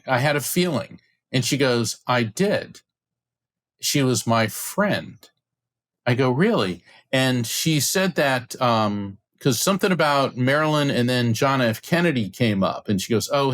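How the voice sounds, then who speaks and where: A middle-aged man, a guest on an interview podcast, telling a story with excitement and acting out the voices of the people in it. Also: mid-range voice. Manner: acts out quoted voices, excited retelling. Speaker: podcast guest, psychic medium.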